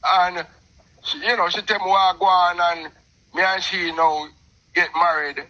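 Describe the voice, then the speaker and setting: Animated Jamaican man in patois. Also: high voice, unhurried, dull audio. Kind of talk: casual storytelling on a call-in show.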